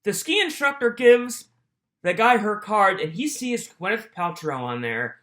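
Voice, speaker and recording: A video commentator reacting to courtroom footage in an animated rant full of swearing. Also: medium pitch, unhurried.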